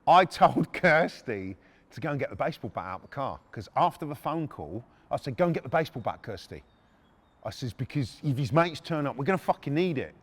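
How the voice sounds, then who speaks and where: Animated man telling stories. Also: a little high, in a large hall. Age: middle-aged. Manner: blunt, swears freely, frequent restarts. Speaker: podcast host. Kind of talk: casual true-story telling.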